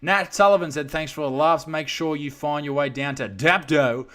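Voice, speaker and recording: A man's voice: a little high, normal speed, a bit bright. An Australian man hosting a live stream, chatting casually with crude jokes. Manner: crude, joking banter. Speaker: comedian livestream host.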